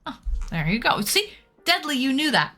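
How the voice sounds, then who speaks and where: A woman's voice: high-pitched, big pitch swings, moderate pace, bright, forceful tone. A woman from Liverpool hosting a casual livestream, chatting and greeting viewers by name. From Liverpool, England. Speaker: livestream host. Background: faint background music.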